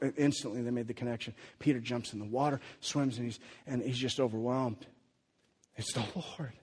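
Husky male pastor in a reverberant hall. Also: mid-range voice. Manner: animated storytelling, swings from quiet to loud. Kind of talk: sermon.

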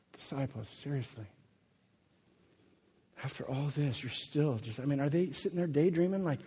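A man preaching a sermon as a pastor, animated and acting out the voices of the people in his story. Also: medium pitch, a little slow, long pauses, breathy edge. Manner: animated, acts out quoted voices. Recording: long reverb of a hall.

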